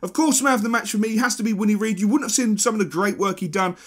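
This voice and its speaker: Excitable high-voiced man. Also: fast. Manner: excitable, swings from rants to mutters. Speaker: gaming YouTuber. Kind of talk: football game commentary.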